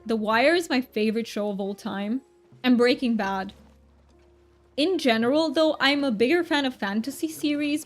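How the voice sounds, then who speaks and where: A woman streamer talks loosely with her viewers while gaming, giggling and tripping over her own sentences. Her voice sits a bit high, and faint game music plays behind it. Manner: giggly, rambling, frequent restarts. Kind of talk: casual live-stream chat while gaming.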